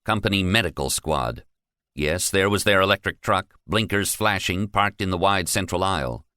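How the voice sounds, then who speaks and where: A man narrating a science fiction audiobook with an animated, dramatic delivery. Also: deep voice, normal speed, no echo, studio quality. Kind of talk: scripted narration.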